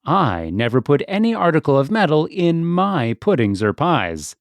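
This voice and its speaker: A man's voice: fairly high pitch, big pitch swings, normal speed, no room sound, pitched above the performer's own voice. A man voicing a prim, proper female cat hostess who speaks in a genteel, disapproving, matter-of-fact way.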